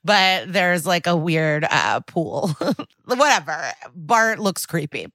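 A woman co-hosting a podcast, recapping a TV episode in a loose, chatty way. She swears freely and laughs often. Her voice is bright and slightly low, and it is recorded close and dry. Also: expressive, takes it slowly, no echo. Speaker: podcast co-host.

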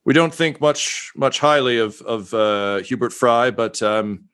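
A man voicing a sheepish, agitated male factory announcer over a loudspeaker, fawning and apologetic. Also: mid-range voice, unhurried, clear, resonant tone, close to an everyday voice.

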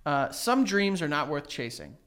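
Male podcast co-host, lively pitch, rambling storyteller, casual. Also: normal speed. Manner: rambling, filler-heavy storytelling. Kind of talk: casual comedic chat.

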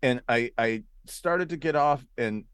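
A man from Arizona, a comedian guest, telling stories in a casual podcast chat with an animated delivery, now and then jumping into voices. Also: medium pitch, a little slow, clean tone, no room sound, studio quality. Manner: animated storyteller, jumps into character voices.

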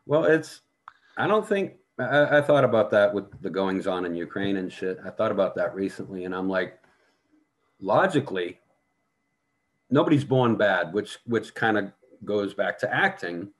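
A middle-aged American man, a veteran actor appearing as a podcast guest, tells blunt, vivid stories packed with heavy swearing in a casual conversation. His voice is fairly low and animated, at a normal speed.

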